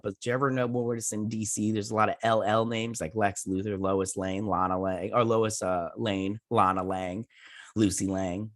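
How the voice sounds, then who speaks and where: This man's voice sits on the low side with a slightly bright edge. He hosts a casual show review, rambling through scene recaps full of "he's like" retellings and tossing in jokey, self-mocking asides about himself.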